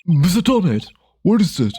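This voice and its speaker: A man streaming a game, reading a flustered, excitable elderly male judge. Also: high voice, moderate pace, slightly rough, faint music behind, full character voice. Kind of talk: casual game dialogue reading.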